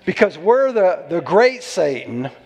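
A man's voice: high voice, very animated, unhurried, a little mellow, slightly rough, big-room sound. A man preaching a sermon as pastor, exhorting and calling for amens from the congregation.

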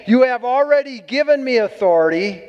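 Really high-pitched guy preaching, all fired up and whooping, echoey church. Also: expressive, normal speed, smooth, lo-fi sound. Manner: exuberant, with loud whoops. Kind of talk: sermon. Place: church hall. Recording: long hall reverb.

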